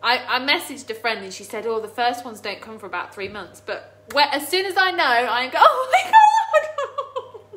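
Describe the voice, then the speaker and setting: A woman hosting a chatty live cooking stream from her home kitchen, bubbly and excitable. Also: a little high, slight background noise. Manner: bubbly, excitable, quick to laugh and tear up. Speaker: cooking livestream host.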